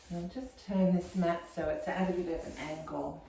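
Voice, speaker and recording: Woman, yoga teacher, calm guiding voice, low pitch, faint background noise. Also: moderate pace, vocal fry, few pauses. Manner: calm, gentle cueing of breath and movement. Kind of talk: guided yoga class instruction. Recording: very echoey room from a distance, faint noise.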